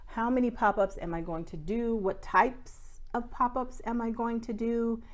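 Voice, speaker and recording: A young woman with a fairly high, fairly even voice speaks a little slowly in a casual to-camera chat about her small business. As a candid, chatty vlogger, she leans heavily on "like" and "y'all."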